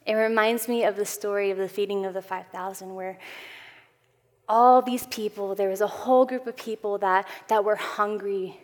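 A woman giving an earnest Bible teaching to a women's group, swelling for emphasis and dropping to soft asides. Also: mid-range voice, fairly even intonation, moderate pace. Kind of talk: sermon. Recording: long hall reverb.

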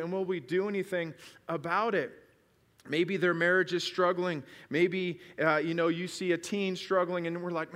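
Male pastor, slightly raised pitch, storytelling sermon delivery with rhetorical questions and emphatic builds. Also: steady tone, moderate pace, fairly bright tone, big-room sound. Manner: earnest, builds to emphatic peaks. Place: church service.

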